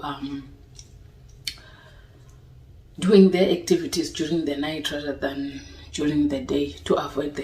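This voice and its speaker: Low, slow-talking woman in a roomy space. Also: darkish tone, recorded from a distance. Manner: chatty, asks "you understand?" often. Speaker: vlogger. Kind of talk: casual talk to camera. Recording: roomy echo, voice a little off-mic.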